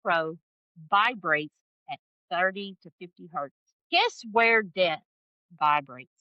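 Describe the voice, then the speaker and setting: A woman guest telling a personal story in an interview, expressive and emphatic, acting out the voices she quotes. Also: lowish voice, slow, no room sound, dull audio. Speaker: podcast guest, spiritual guide. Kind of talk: animated storytelling in conversation.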